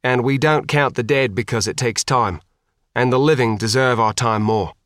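A man voicing a calm, grave male commander who speaks in a measured, formal way. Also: mid-range voice, dry recording, studio quality, lightly acted.

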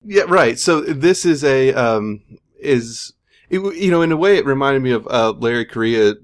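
A man's voice: medium pitch, expressive, normal speed. Guy hosting a podcast, reads the guest bios then wanders into his questions. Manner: reads formal introductions, then asks questions in a loose, searching way. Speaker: podcast host. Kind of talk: introducing guests, interviewing.

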